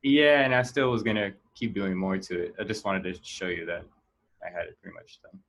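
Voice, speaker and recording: Male student, lowish voice, modest and quiet. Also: animated, a little fast. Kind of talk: presenting his work in class.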